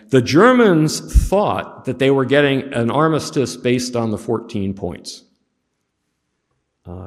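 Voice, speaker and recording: A man's voice: medium pitch, long reverb tail. A man teaching a history class from slides, conversational and chatty, with humorous asides.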